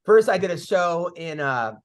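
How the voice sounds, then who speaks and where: High-voiced man telling stories casually. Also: moderate pace. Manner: animated storyteller, swears freely, acts out quotes. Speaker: podcast host and comedian. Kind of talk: casual storytelling chat.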